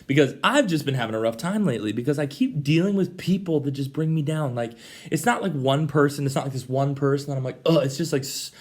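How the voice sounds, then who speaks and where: A young man hosting a casual devotional vlog, talking animatedly and acting out both sides of conversations. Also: mid-range voice. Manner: animated, acts out dialogue with voices. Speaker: vlogger.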